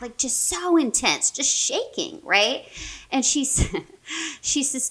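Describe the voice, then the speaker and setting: A woman in her forties, a therapist and podcast guest, telling a story in a lively, animated way, full of "like" and "right?". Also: on the high side, moderate pace. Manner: animated, many fillers like "right?" and "like". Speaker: mental health therapist, guest. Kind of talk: casual storytelling in a podcast interview.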